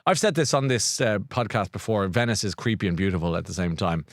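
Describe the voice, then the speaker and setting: Low-pitched and brisk, this middle-aged Irish podcast host rambles through a casual chat recommending a book, with plenty of restarts and self-corrections. It's clean studio audio without any room sound.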